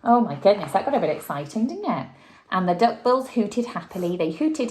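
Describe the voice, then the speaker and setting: A woman, a teacher, reading a picture book aloud to a child, shouting out the dinosaurs' lines and chatting about the pictures. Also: medium pitch, brisk. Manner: lively, acts out the dinosaurs' shouts and chats with the child. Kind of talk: storybook read-aloud.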